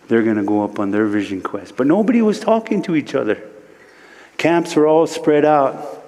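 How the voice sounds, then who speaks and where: A man from Standing Rock telling a spiritual vision story at a worship service in slow, short phrases, his voice rising sharply whenever he quotes someone. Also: lowish voice, darkish tone. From Standing Rock, United States. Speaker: guest speaker, spiritual teacher. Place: church sanctuary. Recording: long reverb of a large hall.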